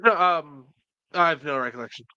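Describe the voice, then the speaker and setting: A man's voice: a little high, moderate pace, sharp tone, smooth, no room sound, highs cut off. A man joining as a guest in a casual review chat, quippy with dry jokes.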